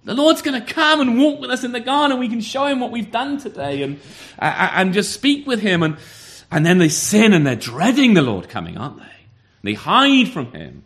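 Male preacher, slightly higher voice, earnest sermon delivery, rhetorical questions. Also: big pitch swings, normal speed, a bit bright. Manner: earnest, repeats words, asks rhetorical questions.

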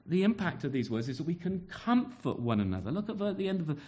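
A man's voice: a little high, sing-song, quick pace, mellow. A man preaching a sermon, asking the congregation rhetorical questions and often repeating his words.

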